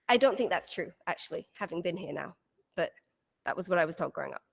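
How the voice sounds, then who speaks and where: A young woman giving a university lecture, often lifting her pitch at the end of sentences. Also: a little fast, fairly bright tone, big-room sound. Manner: rising intonation at the end of sentences. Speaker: guest lecturer.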